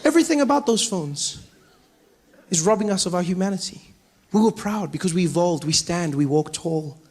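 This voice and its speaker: A high-voiced man doing stand-up, lively and quick to act out voices and noises. His voice carries on a stage mic. A crowd's noise sits clearly underneath. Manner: animated, acts out voices and sounds. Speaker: comedian. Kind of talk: stand-up comedy. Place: comedy stage before audience.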